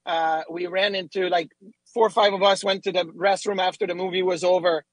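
A middle-aged man co-hosting a sports talk show, telling lively stories and acting out quotes. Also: high-pitched, fairly quick, no room sound, low-quality recording. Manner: animated storyteller, acts out quotes. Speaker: radio co-host, former goalie. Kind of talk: casual sports talk, storytelling.

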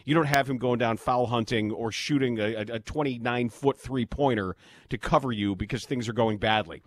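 A man's voice: medium pitch, lively intonation, fairly quick, dry recording. A man hosting sports talk radio in a studio, bluntly ranting with exasperation. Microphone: studio mic.

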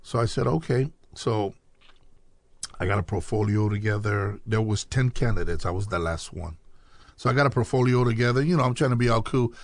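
A man's voice: fairly low pitch, a little fast, no room sound. A man from Chicago, a podcast guest telling his life story in casual talk, acting out quoted dialogue as he goes.

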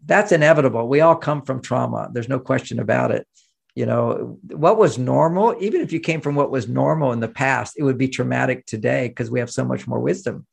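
A man's voice: medium pitch, fairly quick, creaky, husky. An older man, speaking as an interview guest and telling stories with acted-out quoted voices. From United States. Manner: animated storyteller, acts out quoted voices. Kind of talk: interview conversation.

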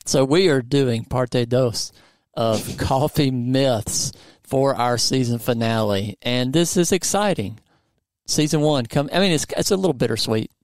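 A man's voice: mid-range voice, measured pace, darkish tone, no echo. A man hosting a podcast in a studio, upbeat and playfully teasing his co-host in casual chat.

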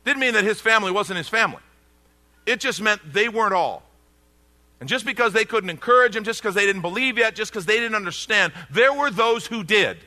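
A man's voice: high voice, expressive, brisk, bright, forceful tone, long reverb tail. A male pastor preaching a sermon, emphatic, with repeated phrases. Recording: radio broadcast of a church sermon.

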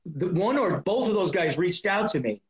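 A comedian known for prank calls appears as a guest in a casual interview, rambling with plenty of restarts and repeated words. His voice sits high and is expressive, at a moderate pace, though the audio is poor.

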